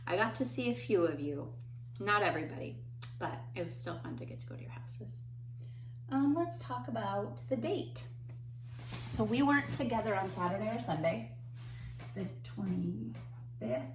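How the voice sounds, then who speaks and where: A woman teaching a remote lesson to young children, speaking in a slow, patient, encouraging way. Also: medium pitch. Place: home. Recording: echoey room, faint noise.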